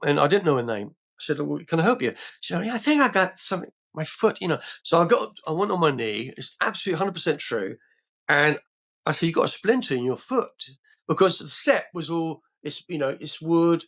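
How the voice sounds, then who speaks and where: An older Englishman appears as a podcast guest, his voice on the high side and fairly bright. He tells rambling anecdotes in a casual way, full of restarts and fillers.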